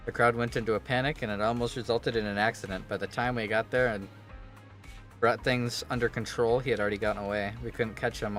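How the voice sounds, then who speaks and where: A man reading game dialogue aloud as a composed female special-unit officer, flat and matter-of-fact. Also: on the low side, lightly acted.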